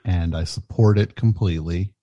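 Male comedy host, deep and mellow, halting and over-apologetic. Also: steady tone, dry recording, highs cut off. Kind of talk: comedy call-in radio.

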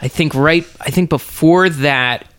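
Casting: male podcast co-host, bright tense voice, dry close sound, rambling chatty delivery. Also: a little high, a little slow, smooth, no room sound. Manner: rambling, thinks aloud with fillers. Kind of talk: casual chat. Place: Los Angeles area.

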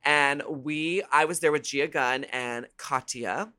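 A woman as a podcast guest, telling candid, bawdy stories in a casual, animated way. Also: low voice, slow pace. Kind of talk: casual storytelling chat.

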